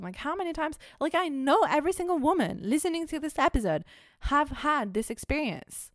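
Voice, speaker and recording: A woman's voice: on the high side, dry recording, clean studio sound. Candid, chatty woman podcast host. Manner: chatty and candid, swears freely, many "like" fillers. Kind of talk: casual confessional podcast talk.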